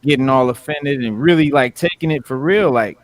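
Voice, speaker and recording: A man's voice: medium pitch, normal speed. Rambling man hosting a podcast. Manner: rambling, fills with "like" and "you know". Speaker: podcast host. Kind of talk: casual chat.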